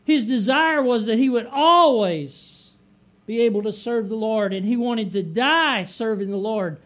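High-voiced man preaching emphatically. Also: a little slow, a bit bright. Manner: emphatic repetitive preaching, swelling on key phrases. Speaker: pastor. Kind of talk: sermon.

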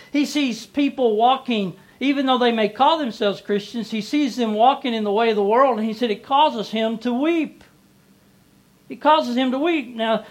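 A man preaching a sermon as pastor, repeating phrases and swelling and dropping in volume. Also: extremely high pitch.

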